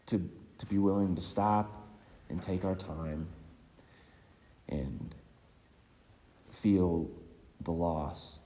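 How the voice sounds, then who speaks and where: A man giving a eulogy with personal stories, reflective and hesitant, pausing often. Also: sits low, warm tone. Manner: reflective and hesitant, many pauses. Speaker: speaker at a memorial. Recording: long hall reverb.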